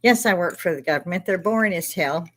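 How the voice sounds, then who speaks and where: A woman's voice: lowish voice, a little fast, fairly bright tone. An older woman hosting a casual live stream chat, rambling and outspoken, swearing freely as she talks.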